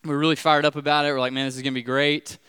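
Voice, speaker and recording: A man in his thirties preaches a sermon in a relaxed, conversational way, full of little fillers and asides, and he gets more animated when he retells a tense moment. His voice is smooth and resonant, and it sounds dry, with almost no room echo. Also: a little high, very fast. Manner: casual storytelling with many fillers, rising animation when retelling scary moments. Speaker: pastor.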